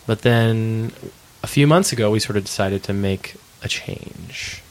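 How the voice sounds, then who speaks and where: Male musician guest, lowish voice, reflective and halting. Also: poor audio. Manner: thoughtful, searching for words, laughs easily. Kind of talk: casual interview chat.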